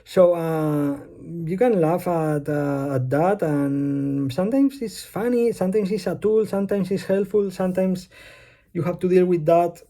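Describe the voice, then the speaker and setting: Man, Spanish accent, English not his first language, rambling vlog, lots of ums, mellow voice, slightly high pitch. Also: unhurried. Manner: hesitant, many fillers, loses his thread. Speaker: vlogger. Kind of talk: rambling personal monologue. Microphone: phone.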